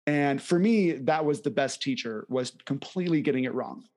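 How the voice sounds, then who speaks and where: A man's voice: mid-range voice, animated, normal speed, a little mellow. A young man co-hosting a podcast in casual chat, upbeat and enthusiastic, laughing often. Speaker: podcast co-host.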